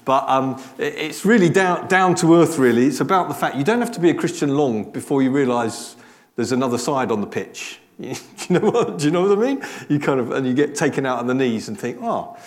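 A man's voice: medium pitch, animated, a little fast. A man preaching a conversational sermon, chatty and self-deprecating with frequent restarts and asides.

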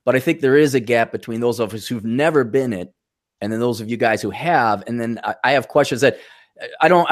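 A man hosting a casual talk show on a video call, rambling loosely with lots of fillers and restarts. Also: medium pitch. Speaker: podcast host. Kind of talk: casual chat.

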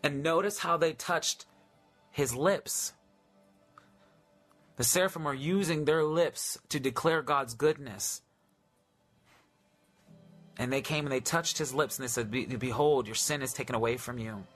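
A man preaching a live-streamed sermon, reading scripture aloud in a fervent, drawn-out way and often repeating his phrases. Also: medium pitch, a bit bright, soft background music.

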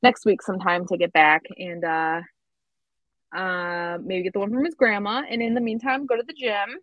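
A woman's voice: medium pitch, fairly even intonation, normal speed, no echo, muffled recording. A woman co-hosting a podcast, telling a story in casual chat with lots of fillers. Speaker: podcast co-host.

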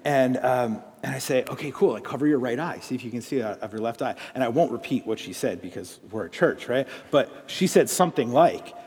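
Man, husky and a bit high, animated testimony, church hall reverb. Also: a little fast, few pauses. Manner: animated storyteller, many fillers, drops to a hushed prayer. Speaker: guest speaker. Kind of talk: testimony and prayer.

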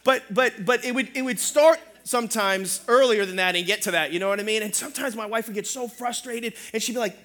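Bright, high-voiced man preaching. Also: quick pace, hardly any pauses. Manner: animated, humorous, calls for amens. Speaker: pastor. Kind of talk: sermon.

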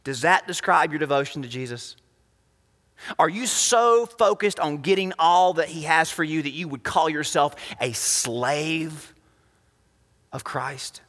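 Bright-voiced pastor preaching in a hall. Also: male voice, measured pace. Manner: emphatic, swings between loud highs and quiet lows. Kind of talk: sermon. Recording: long reverb of a hall.

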